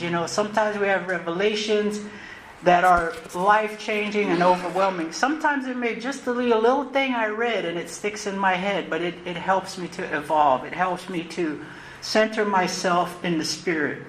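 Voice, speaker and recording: Closing a recovery convention, an earnest woman tells her own recovery story from the podium, reflective in tone, repeating phrases and stumbling into restarts. Her voice is medium-pitched and a bit bright, captured in a roomy, echoey live recording with faint noise.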